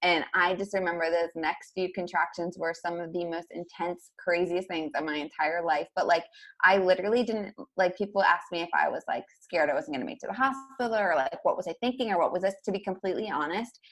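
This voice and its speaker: A young woman telling a story as a podcast guest, in a rapid, casual way full of fillers like "like". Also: lowish voice, a bit bright. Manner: rapid, filler-heavy, peppered with "like".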